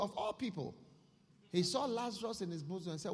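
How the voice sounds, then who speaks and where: A man preaching a sermon, telling a story in an animated way at a church service. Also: fairly high pitch, normal speed. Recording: echoey hall.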